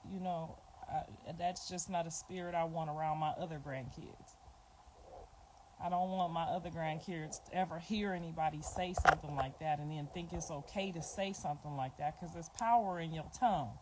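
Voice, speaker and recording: A woman's voice: sits low, normal speed, darkish tone, a little hiss or hum, rough recording. A middle-aged woman and grandmother talking bluntly and emphatically to viewers on a livestream, repeating her points. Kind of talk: casual livestream talk to viewers.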